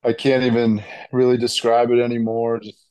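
A man in his thirties, a ballplayer guest in a casual interview, talking excitedly and rambling with many fillers and restarts. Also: mid-range voice, fairly quick. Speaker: baseball player guest.

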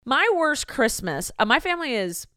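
A young adult woman co-hosting a podcast in casual chat, joking and reacting quickly. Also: high voice, big pitch swings, sharp tone, smooth, no echo, studio quality. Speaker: podcast co-host.

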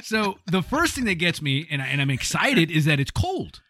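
A man with a fairly high, bright voice jokes his way through a tasting. He sounds enthusiastic and playful. The recording is dry and close. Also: big pitch swings, moderate pace, no echo. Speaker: co-host tasting beer and cigars. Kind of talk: casual chat.

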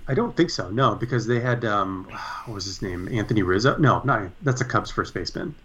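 A man co-hosting a casual sports talk show, speaking in a measured, thoughtful way and hedging his points. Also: lowish voice, animated, fairly bright tone, a little hiss or hum. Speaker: sports podcast co-host. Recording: dull lo-fi sound.

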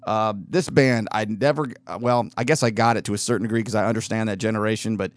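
With a steady, fairly low voice and a quick pace, a podcast host meanders through an offhand story, stopping and restarting, dropping fillers, and laughing. The recording is dry.

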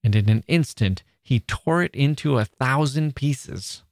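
A podcast host, a man, reading a passage from an old novel in a measured, expressive way. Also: medium pitch, no echo, studio quality.

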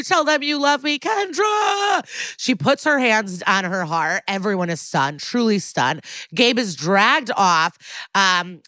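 A woman podcast host tells a TV episode's plot in a chatty, animated way, slipping into quick voices for each character. Her voice sits at a middle pitch. The sound is close and dry, with no room in it. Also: no room sound. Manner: chatty storytelling, acting out characters' lines. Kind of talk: casual recap of a TV episode.

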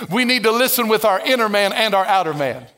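A man preaching a lively, conversational sermon as a pastor, acting out biblical dialogue with playful sarcasm and humor. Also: sits high, quick pace.

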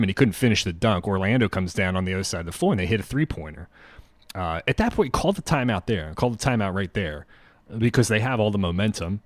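A man hosts a sports podcast and walks through game plays in quick, filler-heavy talk. His voice is very low. The recording is dry and close. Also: no room sound. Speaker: podcast host. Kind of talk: casual sports analysis.

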